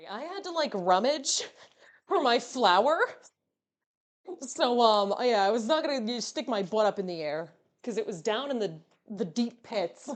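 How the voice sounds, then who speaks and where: A woman's voice: a little high, animated, measured pace. A woman VTuber streamer chatting casually with her viewers while cooking. She talks playfully and fills her sentences with "um" and "you know".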